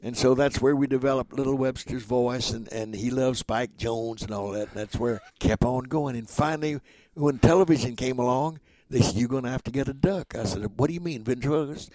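A man's voice: medium pitch, fairly quick, no room sound. Older male entertainer as interview guest, spins anecdotes and voices the quotes, dry close sound. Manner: animated storyteller who acts out quoted dialogue.

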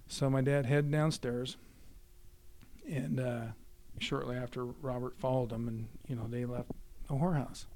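A man's voice: mid-range voice, normal speed, slight background noise. A man casually retelling his father's war stories, acting out the dialogue with animation. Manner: animated, acts out quoted dialogue. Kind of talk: casual storytelling.

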